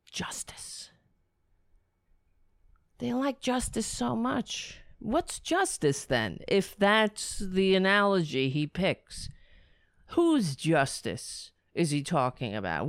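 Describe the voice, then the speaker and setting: Lady ranting commentary, slow deliberate delivery, voice jumps all over, dry close sound. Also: fairly low pitch, clear, resonant tone, no echo. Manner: indignant, incredulous ranting; rhetorical questions, voice rising sharply when outraged. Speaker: political commentator. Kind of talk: solo commentary.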